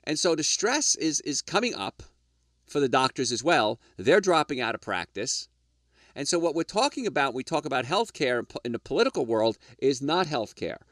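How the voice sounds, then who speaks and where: Emphatic, animated male radio health host. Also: mid-range voice, normal speed, no room sound, clean studio sound. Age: middle-aged or older. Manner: emphatic, preachy, rhetorical questions, addresses "folks". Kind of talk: lecture-style health radio talk.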